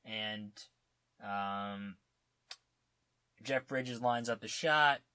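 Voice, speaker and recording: A man co-hosting a casual film chat, retelling scenes in a lively, joking way. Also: fairly low pitch, extremely slow, clean tone. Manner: animated retelling, jokey, acts out scenes. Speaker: podcast co-host.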